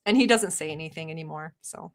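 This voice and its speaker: A woman from the Middle East hosting a casual livestream, talking straight to her chat in a brash, sarcastic way and mock-yelling at viewers. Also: low voice, quick pace. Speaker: livestream host.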